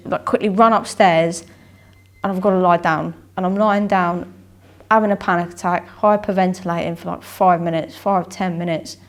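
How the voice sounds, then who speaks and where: Candid young woman boxer. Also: lowish voice. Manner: rambling, repeats herself, acts out her own inner voice and dialogue. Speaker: amateur boxer, interview guest. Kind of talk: candid interview storytelling.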